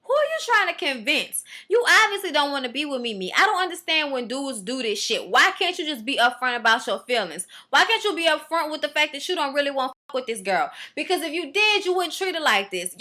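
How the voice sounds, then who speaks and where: A woman's voice: sits high, sharp tone. A woman reviewing a reality show in blunt, profane, opinionated casual vlog commentary.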